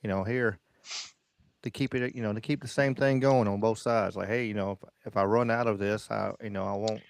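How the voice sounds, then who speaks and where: A man hosts a casual podcast chat, rambling through fillers. His voice sits low and gravelly. The sound is dry and close. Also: fairly even intonation, a little fast, no echo. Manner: loose, rambling, many fillers. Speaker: podcast host.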